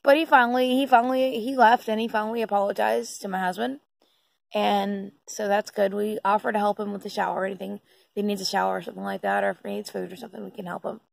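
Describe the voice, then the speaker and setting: A woman's voice: mid-range voice, steady tone, fast, creaky, no room sound, rough recording. A woman talking casually to her phone at night, rambling and giggling with lots of fillers. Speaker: vlogger. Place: indoors at night.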